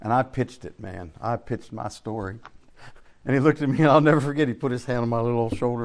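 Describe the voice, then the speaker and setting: An older man preaches through a Bible study in a plain, folksy manner, at an ordinary middle pitch. His delivery keeps rising to loud emphasis and dropping to soft, low asides. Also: quick pace. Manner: folksy storytelling with swings between loud and soft. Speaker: pastor.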